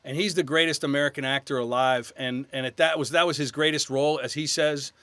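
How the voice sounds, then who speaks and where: A man in his fifties from New York, an actor guest telling animated stories in a casual podcast interview. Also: on the high side, fast talker, clean tone, dry recording. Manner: animated anecdotes, slips into quoted voices.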